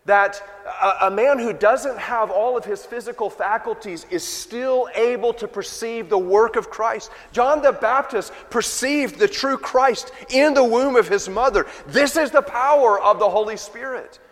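A man preaching a sermon, swinging between loud emphatic passages and quiet, low asides. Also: measured pace, few pauses. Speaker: pastor. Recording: long reverb of a large hall.

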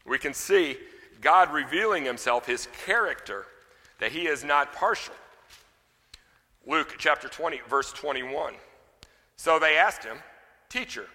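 A man's voice: on the high side, measured pace, long pauses, bright, forceful tone, big-room sound. A man preaching a sermon, emphatic on scripture readings and loose and chatty in his story asides.

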